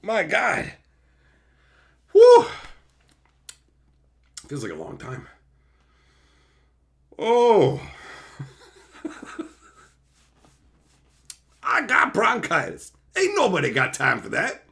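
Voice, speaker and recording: A man from Canada hosting a livestream, ranting at viewers with heavy swearing, sarcasm and shouted outbursts. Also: sits high, huge pitch swings, drawn-out words, vocal fry, long pauses. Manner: mocking, sarcastic. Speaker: livestream host.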